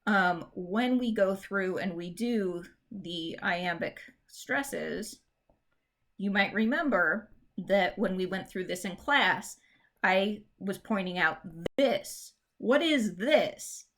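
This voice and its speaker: Woman teacher at middle pitch, informal, explains step by step. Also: a bit bright. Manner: explains patiently, reads verse lines slowly with stressed beats; chatty, informal fillers and restarts. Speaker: English teacher. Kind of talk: recorded classroom lesson.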